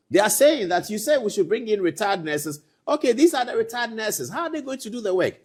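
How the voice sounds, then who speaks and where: A man's voice: sing-song, fairly quick, few pauses, breathy edge. Indignant male political commentator. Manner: indignant, rising to loud emphatic peaks then dropping low. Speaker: political talk show host. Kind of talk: commentary to camera.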